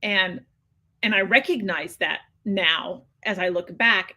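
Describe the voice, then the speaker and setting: A woman's voice: medium pitch, pushed and bright. Candid woman in her sixties. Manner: earnest, candid, frequent restarts. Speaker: podcast guest. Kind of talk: personal storytelling.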